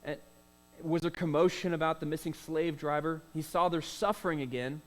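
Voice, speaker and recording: A man's voice: on the high side, fairly even intonation, moderate pace, poor audio. A man preaching a sermon as pastor, in a conversational way with rhetorical questions, "uh" fillers and repeated words.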